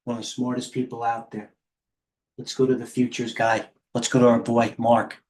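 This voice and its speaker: A man's voice: mid-range voice, completely flat delivery, normal speed, darkish tone. A middle-aged man hosting a live trading stream, tired, rambling off the cuff as he jumps between stock tickers. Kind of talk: live market commentary.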